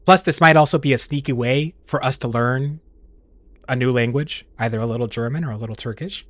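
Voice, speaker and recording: A man's voice: medium pitch, a little fast, a bit bright, no room sound. A man streaming and chatting casually with his viewers, rambling along with restarts and laughs.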